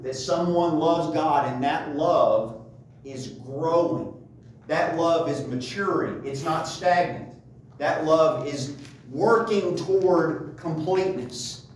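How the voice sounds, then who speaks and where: Slow, echoey Bible teacher, a man. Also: fairly high pitch, slight background noise. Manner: asks rhetorical questions, checks in with listeners. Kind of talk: Bible study lesson. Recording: echoey room, voice from far off.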